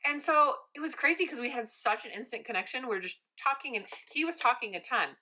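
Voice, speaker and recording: A woman's voice: sits high, quick pace. A young woman telling a personal story in a casual, chatty way, acting out the lines of the people in it. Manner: chatty, animated, acts out quoted dialogue. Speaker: vlogger.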